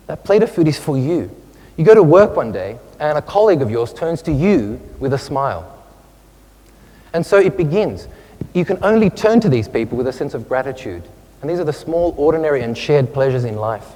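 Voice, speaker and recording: Expressive man speaking in a reverberant hall. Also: a little high. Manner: expressive storyteller, animated, with asides. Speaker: speaker giving a talk to an audience. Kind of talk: public talk. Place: hall with an audience.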